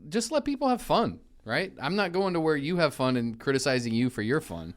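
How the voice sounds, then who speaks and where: A man in his forties co-hosts a casual studio chat on a radio show, easygoing and quick to laugh as he teases his co-host. His voice is on the high side and sing-song.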